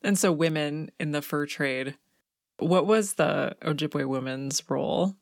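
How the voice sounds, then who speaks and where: A woman's voice: deep voice, a little slow, no room sound. Curious woman interviewer, dry sound. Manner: curious, encouraging, laughs along. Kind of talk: interview questions.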